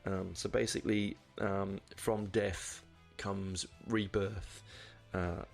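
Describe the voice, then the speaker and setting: A man with a low, gravelly voice hosts a podcast and talks his way through an album review. He rambles, full of ums and restarts. Faint music sits underneath. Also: flat delivery, slow pace. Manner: rambling, many fillers and restarts. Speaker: podcast host. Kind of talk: casual album review monologue.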